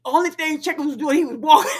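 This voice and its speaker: A woman co-hosting a casual podcast, telling a story in a lively, profane, laughing way. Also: high voice, fast talker, background noise. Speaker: podcast co-host.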